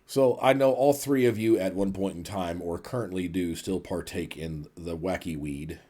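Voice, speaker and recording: A man hosting a casual podcast chat, telling stories in a profane, animated way. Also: low voice, normal speed. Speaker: podcast host.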